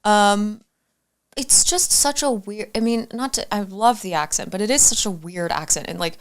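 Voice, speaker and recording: A young woman from Arizona, a guest on a talk show, chatting casually with lots of fillers and restarts. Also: mid-range voice. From Arizona, USA. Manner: halting, many fillers and restarts. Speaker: guest actor. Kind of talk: casual interview chat.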